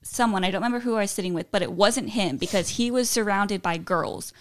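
A woman's voice: mid-range voice, quick pace. A woman on a casual podcast telling personal stories, rambling with lots of "like" fillers. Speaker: podcast co-host. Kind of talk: casual storytelling chat.

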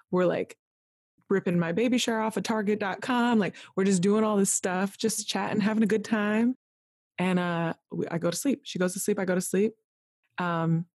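A woman with a slightly low voice recounts a frightening personal story as a podcast guest. Her telling is animated and rambling, leaning on "like" and acting out other people's lines, and the sound is close and dry. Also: no echo. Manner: animated, full of "like", acts out quoted voices. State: tearful at moments.

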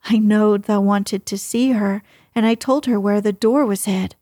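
A woman's voice: medium pitch, fairly even intonation, normal speed, warm tone, dry recording, studio quality, natural voice. A woman voicing a cheerful country boy who speaks in rustic dialect. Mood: excited.

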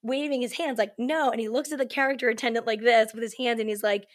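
Chatty woman with a fairly high voice. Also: fast talker. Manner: chatty, heavy use of "like" and "you know"; animated, acts out quoted lines. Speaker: podcast guest. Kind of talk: casual storytelling chat.

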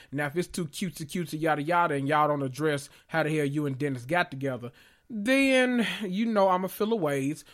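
A man hosting a podcast, giving sassy, blunt commentary with dramatic emphasis. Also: fairly high pitch. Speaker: podcast host. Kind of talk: casual pop-culture commentary podcast.

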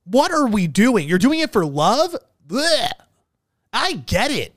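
A man's voice: extremely high pitch, big pitch swings, slow, a bit bright, dry recording, studio quality. A young man hosting a casual podcast, reacting to listener comments with profane, emphatic talk. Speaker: podcast host.

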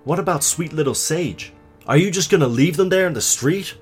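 A man voicing a panicked young woman who shouts and pleads in desperation. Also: a little high, expressive, moderate pace, breathy edge, soft background music, pitched above the performer's own voice. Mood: pleading. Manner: shouting, frantic.

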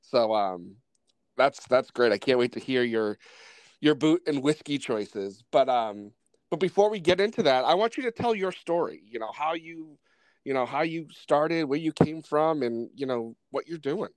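A man's voice: mid-range voice, animated, normal speed, dry recording, rough recording. A man with a Rhode Island accent hosting a podcast, easygoing and hesitant, with lots of fillers. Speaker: podcast host. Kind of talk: casual interview chat. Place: Massachusetts home studio.

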